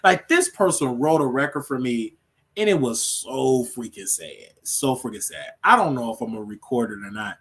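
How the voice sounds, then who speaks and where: A man's voice: medium pitch, sing-song, moderate pace, fairly bright tone. A man hosting his own show, chatting casually and rambling on a livestream, laughing often. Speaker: show host.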